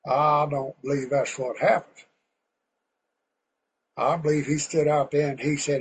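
A man preaching a sermon in a folksy, fervent way, now and then getting loud. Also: on the high side, moderate pace, a little hiss or hum, poor audio.

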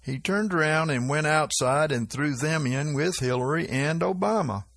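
A man preaching informally about prophetic dreams, with frequent chuckles and a slow, drawling delivery. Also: on the high side, creaky, fairly bright tone, dry recording. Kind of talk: informal religious teaching.

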